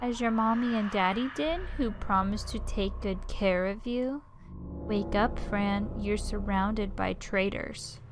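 Sinister, coaxing dark game voice, soft and quiet, read by a woman gamer. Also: medium pitch, slow pace, background noise. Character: menacing whispering dark girl voice.

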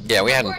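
A gamer chats easily with his partner as they play an online game together at home, musing aloud and humming between remarks. His voice is fairly low in pitch, sounding pushed and bright.

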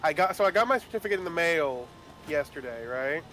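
A young man chats with friends and tells a rambling story, stopping and restarting often. His voice sits high. A faint hiss runs under the recording. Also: expressive, brisk, fairly bright tone. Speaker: player telling a story. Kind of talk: casual chat among friends.

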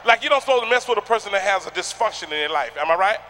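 A man doing a stand-up comedy routine on a theater stage, loud and rowdy, shouting punchlines at the crowd. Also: sits high, lively intonation, rapid-fire, slight background noise.

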